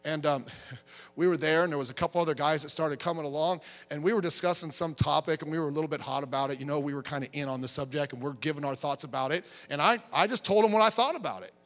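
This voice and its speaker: Bright-voiced middle-aged pastor preaching in a hall. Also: male voice, on the high side, fast talker. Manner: emphatic, conversational preaching with repeated restarts. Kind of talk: sermon. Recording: reverberant hall, faint music behind.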